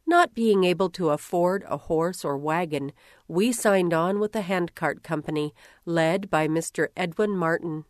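A woman narrating a first-person story in a measured, gentle voice at a middle pitch. The sound is dry and close, with no room around it. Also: no echo. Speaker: reader.

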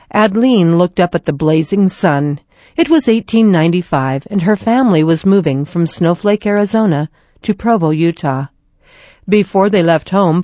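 A woman reading a children's story aloud in a gentle, even storytelling manner. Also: on the low side, no room sound. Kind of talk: scripted story narration.

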